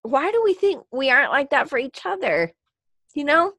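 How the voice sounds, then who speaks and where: Teary, high-voiced woman podcast host. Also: sing-song, normal speed, sharp tone, dry recording, clean studio sound. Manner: rambling with restarts and filler words. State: teary, crying. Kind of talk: emotional motivational monologue.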